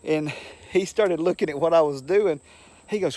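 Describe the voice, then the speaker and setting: A man's voice: a little high, normal speed, darkish tone. An older man, a retired teacher, telling rambling stories in a casual monologue and acting out the people he quotes. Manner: rambling, folksy anecdotes with acted-out quotes.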